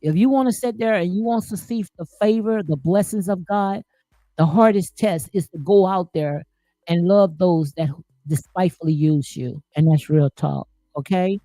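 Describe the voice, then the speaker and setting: A woman's voice: lowish voice, moderate pace, mellow, no room sound, soft background music. Emphatic, folksy woman live-streamer. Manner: emphatic, preachy, full of folksy sayings and repeated "honey". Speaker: livestream host reading viewer comments. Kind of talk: casual live commentary.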